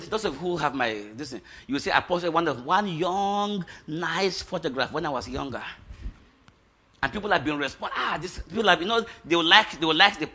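This middle-aged pastor preaches a lively testimony sermon. His voice sits high for a man, with a very bright, cutting edge and a husky grain. He shouts at the high points and laughs between lines.

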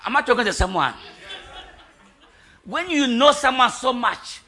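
A man delivering a charismatic sermon in a high, strikingly bright voice. He rouses the congregation with questions and sudden shouted peaks, and the pace keeps shifting. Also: expressive, measured pace. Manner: rousing, bursts into shouts, asks the congregation questions. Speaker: preacher.

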